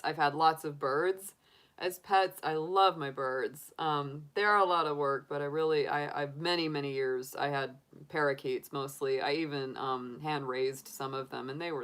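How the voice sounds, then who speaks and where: A woman's voice: low voice, a bit bright. A middle-aged woman hosting a livestream, chatting casually with viewers in a giggly, rambling way full of laughs and restarts. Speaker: tarot reader livestream host. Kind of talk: casual chat answering live viewers.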